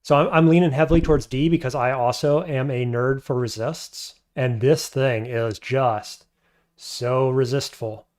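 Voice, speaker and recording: A man's voice: mid-range voice, fairly even intonation, measured pace, a little mellow. A man streaming a game, thinking aloud as he weighs his options and answers chat. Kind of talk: casual live-stream commentary.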